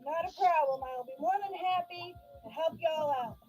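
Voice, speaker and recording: A woman chatting casually while doing makeup on a live stream, unhurried and friendly. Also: high-pitched, a little mellow. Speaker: makeup artist and seller.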